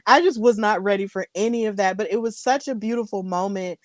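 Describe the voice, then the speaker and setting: A woman's voice: mid-range voice, a little fast, dry recording, clean studio sound. A woman hosting a casual wrestling recap chat, telling the story in a gushing, emotional way. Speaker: host.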